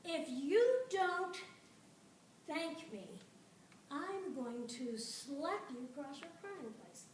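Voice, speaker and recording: A woman's voice: sits high, animated, unhurried, recorded from a distance, slight background noise, voice pushed up. A woman voicing a hungry, short-tempered female forest fairy in a told folktale, wheedling sweetly and then snapping with threats. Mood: indignant. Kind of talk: live storytelling performance. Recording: echoey room, voice from afar.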